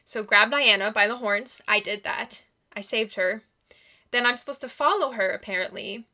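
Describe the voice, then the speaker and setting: Bright-voiced exasperated woman gamer. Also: mid-range voice, moderate pace. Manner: exasperated, exclaiming often. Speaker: let's play gamer. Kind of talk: visual novel playthrough commentary.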